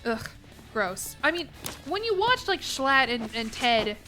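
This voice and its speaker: A woman's voice: high voice, very animated, slow pace, music in the background. A young American woman streaming a game, chatting in a rambling way with lots of restarts, a bit congested. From United States. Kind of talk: casual gaming stream chat.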